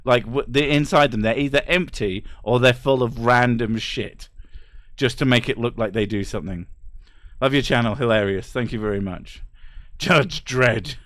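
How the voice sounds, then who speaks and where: A man talks loosely and bluntly on a stream, swearing freely and breaking into short laughs. His voice sits at an ordinary pitch and the sound is close and dry, with no room in it. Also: normal speed, a bit bright, dry recording. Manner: blunt, profane ranting with laughs. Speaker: streamer reading chat. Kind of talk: casual livestream chat.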